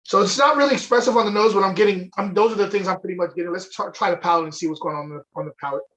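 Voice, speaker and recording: High-voiced chatty man tasting wine. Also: racing, fairly bright tone. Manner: enthusiastic, chatty, with fillers. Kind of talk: live online wine tasting chat. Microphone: webcam or desk mic on a video stream.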